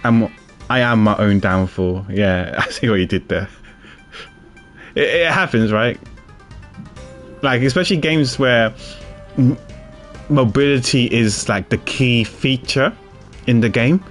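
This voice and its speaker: A man's voice: mid-range voice, a little slow, long pauses, fairly bright tone, soft background music. A man streaming a game, chatting casually in a rambling, self-deprecating way and laughing often. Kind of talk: casual gaming chat.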